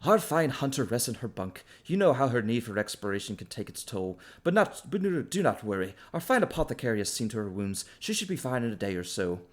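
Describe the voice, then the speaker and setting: A man voicing a calm, weathered older half-elf camp leader who speaks in a welcoming, grandiose way. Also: medium pitch, fast talker, hardly any pauses, natural voice. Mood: reassuring.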